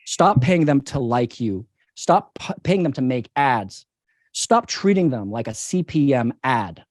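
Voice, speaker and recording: Here a CEO, interviewed about his business, speaks in a medium-pitched voice with a darkish tone. The close mic is dry, with no room sound at all. His answers are emphatic and persuasive, driving points home through repetition.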